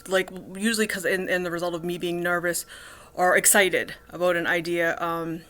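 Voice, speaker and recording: A woman in her thirties talking casually to the camera in a personal vlog, halting often with ums, restarts and cut-off words. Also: lowish voice, flat delivery, a bit bright. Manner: halting, full of restarts and ums, cluttered speech. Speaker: vlogger.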